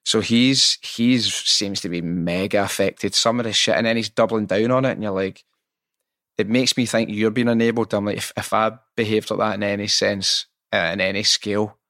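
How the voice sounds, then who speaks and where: A man hosting a casual interview, telling stories in an animated, sweary way. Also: on the low side, normal speed, dry recording, clean studio sound. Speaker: podcast host.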